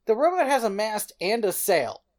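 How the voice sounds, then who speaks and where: A woman's voice: medium pitch, sing-song, moderate pace, darkish tone. A woman co-hosting a casual movie review podcast, giving dry, wry commentary. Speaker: podcast co-host.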